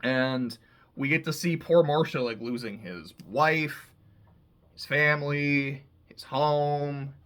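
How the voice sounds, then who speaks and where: A man reviewing TV shows talks slowly in a slightly high, steady, somewhat bright voice. He recaps episodes loosely, swearing without restraint and filling his speech with "like."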